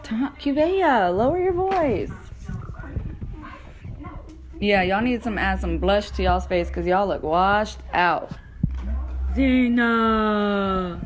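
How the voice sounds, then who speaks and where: A woman's voice: mid-range voice, animated, slow pace, long pauses, low-quality recording. A woman in her thirties, a mother filming a casual home vlog, talking bluntly to her kids and cooing at the family dog. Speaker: mother and vlogger.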